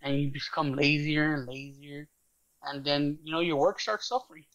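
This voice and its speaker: A man's voice: a little high, fairly even intonation, normal speed, fairly bright tone, dry recording, highs cut off. A man co-hosting a podcast, ranting in casual chat with restarts and casual swearing. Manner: opinionated, rambling with restarts and swearing. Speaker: podcast co-host.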